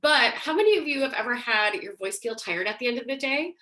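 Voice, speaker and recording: A woman's voice: fairly high pitch, expressive, brisk, bright, forceful tone. A woman teaching a singing and voice workshop in a casual, chatty way, often using fillers. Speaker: singing and voice instructor.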